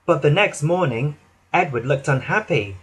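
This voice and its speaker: Animated man reading a children's storybook. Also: on the high side, moderate pace, slightly rough. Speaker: narrator.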